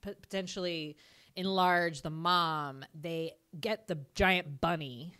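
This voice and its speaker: A woman co-hosting a podcast in a casual movie chat, chiming in with quick agreement and jokey asides. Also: lowish voice, fairly even intonation, pushed and bright, clear, resonant tone. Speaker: podcast co-host.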